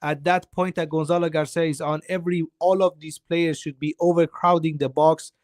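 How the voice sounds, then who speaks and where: A man's voice: a little high, flat delivery, normal speed, darkish tone, no echo, clean studio sound. A man giving a heated football opinion on a live stream, weary and emphatic, repeating himself for stress. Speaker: guest co-host.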